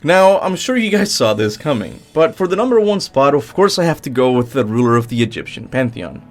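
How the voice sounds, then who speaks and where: A man hosting a gaming channel, reading a scripted top-ten commentary with upbeat emphasis. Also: brisk. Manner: lively, swooping pitch with upbeat emphasis.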